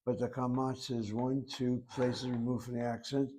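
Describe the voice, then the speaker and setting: Mellow-voiced man teaching Hebrew grammar. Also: medium pitch, flat delivery, slight background noise. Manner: methodical, spells out vowels and letters slowly. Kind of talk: classroom grammar lecture. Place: classroom with a board.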